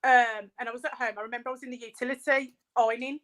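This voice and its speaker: A woman with a Birmingham accent talks as a guest in a loose, rambling way. Her voice sits high, and she fills the gaps with ums and likes. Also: steady tone, rapid-fire, a bit bright. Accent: Birmingham (Brummie). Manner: chatty, rambling, lots of fillers. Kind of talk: casual chat.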